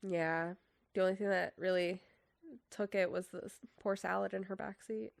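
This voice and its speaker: A young woman with an ordinary mid-range voice chats on a podcast. She is relaxed and conversational, swears casually and teases her co-host. The recording is dry and close. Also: mid-range voice, normal speed, gravelly, no room sound. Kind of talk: casual chat.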